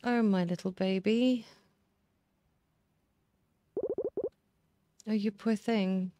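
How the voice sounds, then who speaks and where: A woman reading a gentle consoling mother bear. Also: fairly low pitch, fairly even intonation, moderate pace, noisy background, close to an everyday voice. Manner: soothing, motherly. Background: game music.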